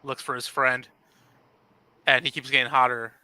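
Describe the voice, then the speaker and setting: Bright-voiced laid-back podcast man. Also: medium pitch, flat delivery, dry recording, low-quality recording. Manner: laid-back, halting with fillers. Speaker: podcast co-host. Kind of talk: casual movie review chat.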